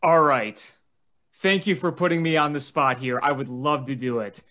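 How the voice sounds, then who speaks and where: A man's voice: on the high side, steady tone, normal speed, bright, forceful tone. A man co-hosts a podcast with easy good humor and a touch of self-deprecation. His voice sits a little above the usual male range. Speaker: podcast co-host. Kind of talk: casual chat.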